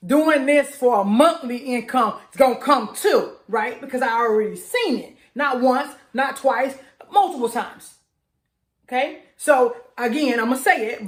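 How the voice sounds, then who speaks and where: A middle-aged woman, a mindset strategist, giving an emphatic, hyper motivational talk and repeating affirmations with rising excitement. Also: a little high. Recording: echoey room.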